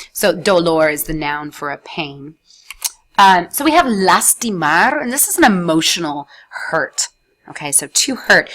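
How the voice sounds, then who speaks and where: A woman's voice: fairly low pitch, a bit bright. A woman teaching Spanish vocabulary and grammar in a recorded slide lesson, explaining step by step and checking in with "all right" and "okay".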